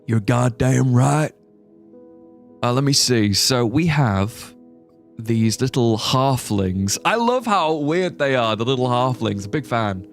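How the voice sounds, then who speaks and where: A man's voice: medium pitch, expressive, measured pace, soft background music. A young man streaming a game, chatting casually and thinking aloud as he plays. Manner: rambling, thinking aloud with fillers. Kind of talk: casual live-stream chat.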